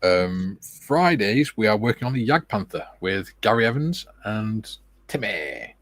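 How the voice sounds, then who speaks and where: British male streamer, low-ish register, easygoing chat with dry wit, dead room sound. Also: a little slow, no echo. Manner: relaxed, chatty, with joking asides. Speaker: livestream host. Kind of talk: casual livestream chat, reading viewer comments aloud.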